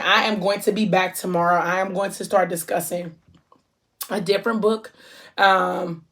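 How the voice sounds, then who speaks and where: A woman's voice: on the low side, steady tone. A woman from Ohio chatting casually to her viewers as a vlogger, effusive and full of endearments. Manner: effusive, warm shout-outs, drawn-out endearments. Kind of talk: casual chat to camera.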